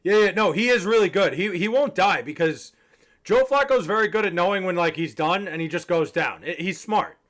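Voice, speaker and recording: With a high, expressive and fairly bright voice at normal speed, a young man chats with his livestream viewers. A little tipsy, he rambles, swears and jokes casually.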